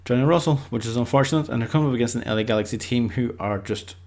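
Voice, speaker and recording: A man's voice: mid-range voice, rapid-fire, gravelly, darkish tone. A man giving casual, unscripted football predictions, rambling loosely and leaning on lots of filler words. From Ireland.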